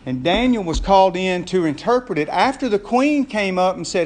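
A man with a high-pitched voice preaches a sermon. He tells the story in a lively way, chuckles often and keeps asking his listeners questions. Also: moderate pace, hardly any pauses. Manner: lively storytelling with frequent laughs and rhetorical questions. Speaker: pastor.

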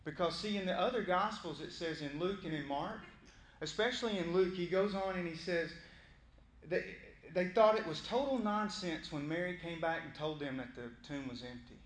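A male pastor preaching a sermon in a lively, conversational way. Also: on the high side, normal speed, echoey room. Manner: animated, conversational, acting out voices of Bible figures.

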